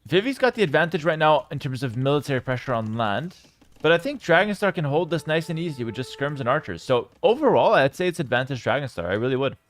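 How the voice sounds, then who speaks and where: Animated man casting a strategy match. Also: fast talker. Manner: animated, swinging between loud hype and low calm calls. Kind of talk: live esports commentary while reading chat.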